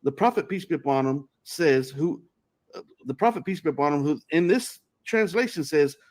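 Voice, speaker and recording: A man reading scripture and footnotes aloud in a measured way, with small restarts. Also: a little high, expressive, a little mellow. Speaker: imam in a played clip.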